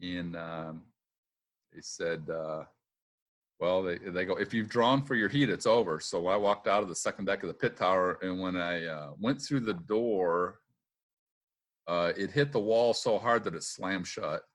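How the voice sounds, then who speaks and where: A middle-aged man with a fairly low voice spins casual stories from his racing days. He mimics the people in them, laughs readily, and peppers his talk with "uh" and "um.". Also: measured pace. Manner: lively anecdotes, acts out quotes, laughs often; filler-heavy with "uh" and "um". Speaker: retired boat racer, guest. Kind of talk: casual storytelling interview.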